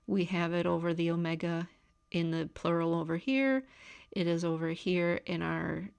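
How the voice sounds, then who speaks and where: A woman giving a recorded grammar lecture, calmly explaining step by step. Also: on the low side, moderate pace, vocal fry, smooth, no room sound. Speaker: teacher. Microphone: camera.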